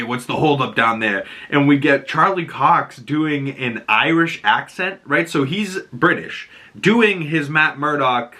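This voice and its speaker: A man talks through a TV episode with excited energy. He has a bright, forward tone and keeps breaking into little acted-out lines. The style is loose and casual. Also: medium pitch. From Boston area. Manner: excited, animated, laughs often, acts out lines. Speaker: show breakdown host. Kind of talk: casual commentary.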